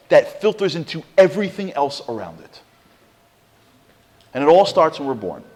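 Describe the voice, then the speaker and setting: A man giving an inspirational Torah lecture to an audience, telling a story with animated build-ups and slow, low pauses. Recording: long reverb of a hall.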